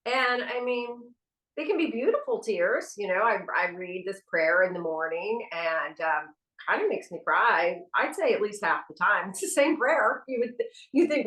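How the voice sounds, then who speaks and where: Podcast co-host, woman, middle-aged, candid and salty, bright tone, roomy echo. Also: mid-range voice, expressive, normal speed. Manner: candid, frank, swears casually. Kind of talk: casual spiritual podcast chat. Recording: echoey room.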